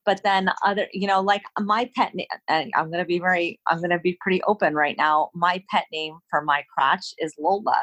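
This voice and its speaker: Playful, giggly woman with a lowish voice. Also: steady tone, fairly quick, hardly any pauses, fairly bright tone, no echo. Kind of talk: casual chat.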